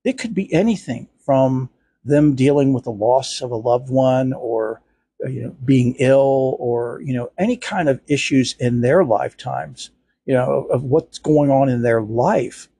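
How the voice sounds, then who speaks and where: Husky, gravelly-voiced man giving spiritual advice. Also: mid-range voice, a little slow. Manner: gentle, earnest, with many "you know" fillers. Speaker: podcast host. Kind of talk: spiritual teaching talk.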